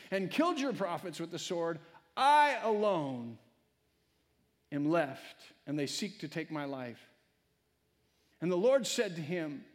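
A male pastor preaching a sermon, swinging between loud, emphatic lines and hushed, quiet ones. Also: sits high. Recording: long hall reverb.

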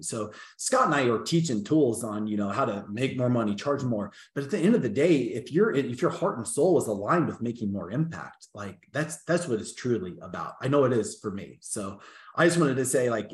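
A man on a gym business podcast telling a story with heartfelt fervor, leaning on "like" as he goes. His voice has an ordinary middle pitch. The room around him is noticeably echoey. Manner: heartfelt, fervent storyteller, frequent "like" and "yep". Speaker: podcast co-host, gym owner. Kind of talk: casual business podcast talk.

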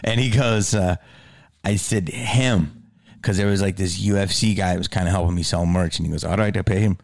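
A man hosting a podcast in casual chat, an animated storyteller who swears freely and sometimes drops to a low mutter. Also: a little fast, gravelly, dry recording, clean studio sound. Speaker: podcast host.

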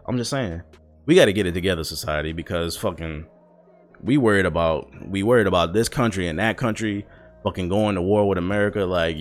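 A grown man ranting loudly and profanely, scolding his audience with emphatic repetition. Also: fairly low pitch. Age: adult. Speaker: vlogger. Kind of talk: profane comedic rant.

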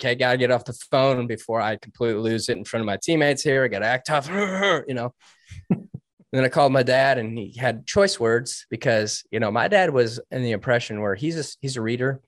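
A man's voice: mid-range voice, no room sound, clean studio sound. A man from the United States, a former Navy SEAL trainee, telling his personal story in an interview with earnest, heartfelt feeling. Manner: earnest and heartfelt, with restarts and short laughs.

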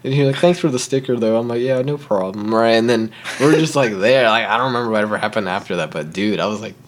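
Lowish young man telling a story. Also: fast talker. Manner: animated, acts out quotes, laughs often, says "like" and "right?". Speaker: podcast guest. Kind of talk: casual storytelling chat.

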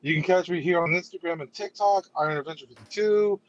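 A man's voice: high voice, fast. Hesitant male guest on a dull line. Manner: hesitant, many filler sounds. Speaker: podcast guest. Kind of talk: casual chat.

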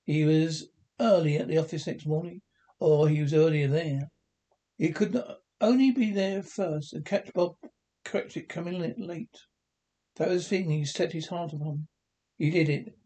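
A man's voice: normal speed, mellow. A man reading a classic novel aloud, stumbling and restarting often, and lifting his voice for the characters' lines. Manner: unpolished reading with frequent slips and restarts; lifts pitch for the quoted lines of the characters. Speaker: reader.

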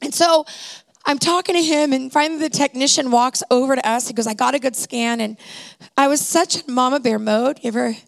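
A woman's voice: sits high, fairly quick, vocal fry. A middle-aged woman on stage telling a heartfelt personal story to an audience, acting out the dialogue dramatically. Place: stage before a live audience.

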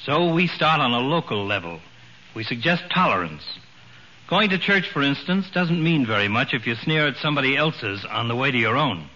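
An actor playing a doctor with a sermonizing, mock-preachy manner in 1940s radio comedy acting. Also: male voice, mid-range voice, big pitch swings, moderate pace, pushed and bright, highs cut off. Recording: old radio recording with faint hiss.

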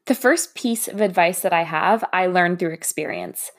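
A woman's voice: fairly low pitch, lively intonation, normal speed. A young adult woman who works as a recruiter, hosting her own podcast in a candid, chatty monologue with self-deprecating humor.

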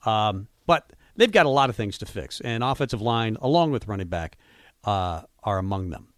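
A man's voice: lowish voice, big pitch swings, normal speed, no echo, studio quality. A man co-hosting a sports radio show, talking through football strategy in a casual, musing way with frequent fillers.

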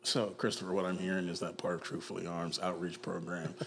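A man co-hosting a podcast, talking casually and getting animated, with playful put-on voices. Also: sits low, quick pace, vocal fry, slight background noise. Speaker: podcast co-host. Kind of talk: casual chat.

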